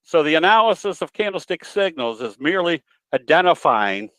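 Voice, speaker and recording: A man's voice: on the high side, very animated, a little fast, fairly bright tone, no room sound, poor audio. A man giving a trading webinar presentation in a folksy, storytelling way, with some hesitations. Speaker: guest presenter, trading educator.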